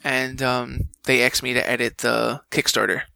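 A man telling a casual story in an animated way and acting out the people he quotes. His voice has a bright, forward tone with gravel and fry at the ends of his phrases. The sound is close and dry. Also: mid-range voice, moderate pace, dry recording, low-quality recording. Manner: animated, acts out quoted dialogue. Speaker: guest, game voice actor.

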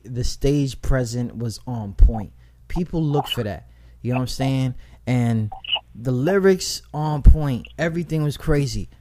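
A man talking in casual podcast chat, animated and rambling, with lots of slang and "like" fillers as he praises some performing artists. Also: medium pitch.

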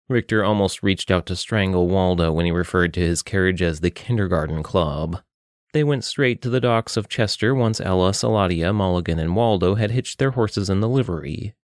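A man narrating an audiobook with an expressive reading. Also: sits low, no echo, clean studio sound.

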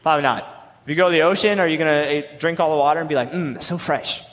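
A man's voice: on the high side, rapid-fire, fairly bright tone, big-room sound, rough recording. A young man preaching a sermon in a conversational, emphatic way. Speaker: youth pastor.

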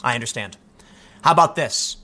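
A man giving opinionated video commentary, animated and rambling, with frequent stammered restarts. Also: mid-range voice, normal speed. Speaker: political commentator.

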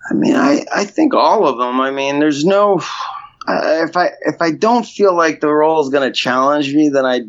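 A man with a slightly high, expressive voice, speaking at normal speed, chats casually as an interview guest. He rambles, restarts often and keeps saying "you know," and the sound is dull and lo-fi.

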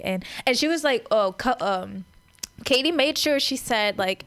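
A woman's voice: a little high, lively intonation, measured pace, fairly bright tone. Chatty woman retelling gossip. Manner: chatty storyteller, acts out quotes with voices. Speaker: podcast co-host. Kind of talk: casual chat recapping a reality dating show.

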